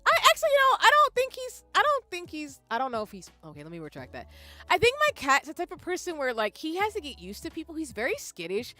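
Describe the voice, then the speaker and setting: A woman streamer in a loose, rambling chat with her viewers. Her voice is bright and fairly high, with pitch that swings around freely. She laughs often, and soft music plays behind her. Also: huge pitch swings, quick pace, dry recording. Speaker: live streamer. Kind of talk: casual live-stream chat.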